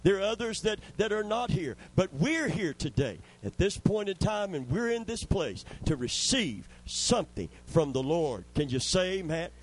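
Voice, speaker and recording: High-voiced fervent male preacher. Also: big pitch swings, normal speed, hardly any pauses, poor audio. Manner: fervent, call-and-response preaching with frequent amens. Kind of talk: sermon.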